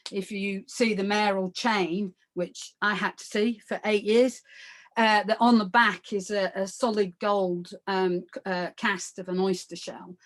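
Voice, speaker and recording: A woman's voice: mid-range voice, fairly bright tone. Chatty woman giving an art lecture. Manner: conversational, many fillers, checks in with the audience. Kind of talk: illustrated lecture.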